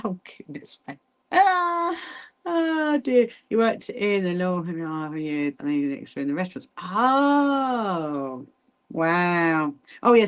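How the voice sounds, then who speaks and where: A middle-aged woman hosting a casual sewing livestream, chatting with viewers and rambling through asides while she hand stitches. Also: lowish voice. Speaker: livestream host.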